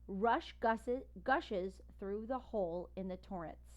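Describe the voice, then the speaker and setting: A woman reading a first-person children's story aloud with lively, expressive narration. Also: medium pitch, slow pace, dull audio. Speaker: audiobook reader.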